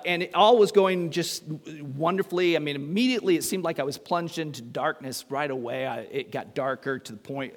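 A middle-aged male pastor preaches in a lively, storytelling way, poking fun at himself and acting out the voices in his tale. His voice sits somewhat high for a man. A long reverb from a large hall trails behind his words. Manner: animated, acts out voices in his story, self-mocking humor. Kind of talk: storytelling sermon.

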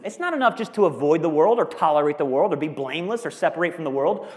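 A middle-aged man pastor preaching a sermon in an energetic, joking way, often rising to loud emphatic peaks. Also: on the high side, quick pace, few pauses, in a large hall.

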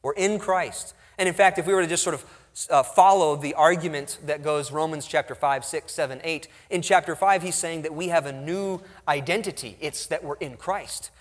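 A man preaching an expository sermon, pausing for emphasis as he reads and explains scripture. His voice sits a little high for a man, and it carries a long reverb, as if recorded in a large hall. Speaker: pastor.

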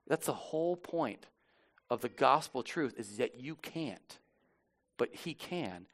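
A middle-aged man preaching a sermon as pastor, chatty and self-deprecating, with many restarts, turning quiet and solemn for communion. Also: medium pitch, lively intonation, slow. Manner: conversational, self-deprecating, with frequent restarts and fillers.

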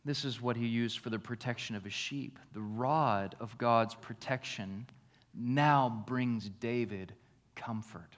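A pastor preaching a sermon, shifting between hushed, slow reflection and raised, emphatic passages. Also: male voice, mid-range voice. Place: church.

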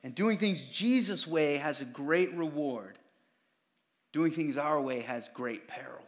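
A man's voice: on the high side, lively intonation, measured pace. Conversational male pastor preaching. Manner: casual, conversational preaching that acts out quoted voices. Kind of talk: sermon.

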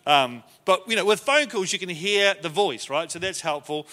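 A man's voice: high voice, lively intonation, normal speed, bright, forceful tone, in a large hall. A man teaching a leadership class to a group in a conversational way, often acting out the lines he quotes.

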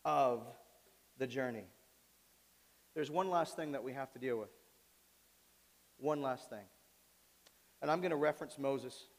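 A male pastor preaching a sermon, swinging between quiet asides and loud, pleading outbursts. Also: mid-range voice. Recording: long reverb of a large hall.

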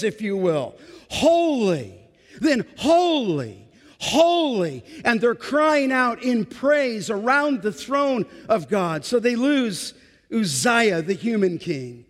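A man's voice: very high-pitched, lively intonation, takes it slowly, in a large hall. A man pastor preaching a sermon, building emphasis through repetition.

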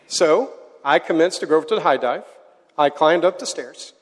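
A man preaching to a live audience, telling a story with animated energy and getting the crowd to join in. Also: fairly high pitch, moderate pace. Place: large hall. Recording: hall with long reverb.

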